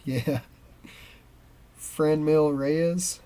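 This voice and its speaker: A man's voice: a little high, steady tone, drawn-out words, mellow. A man co-hosting a card-opening show, chatting casually and reading player names aloud as he pulls cards. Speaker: co-host opening baseball cards.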